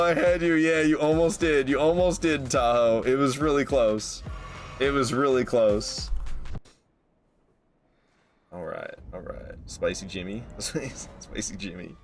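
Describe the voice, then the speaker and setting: A man giving casual, jokey gameplay commentary, excitable and profane, laughing often. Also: medium pitch. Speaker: gaming YouTuber.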